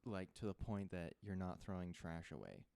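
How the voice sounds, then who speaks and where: Low, mellow young man chatting. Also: very animated, normal speed, gravelly, smooth, no echo. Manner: easygoing, dry humor, laughs a lot. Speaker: podcast co-host. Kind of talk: casual chat.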